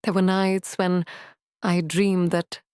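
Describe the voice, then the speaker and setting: Woman narrator for a tearful first-person story; low-pitched, dry close sound. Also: level tone, darkish tone, smooth, no echo. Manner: slow, sorrowful storytelling.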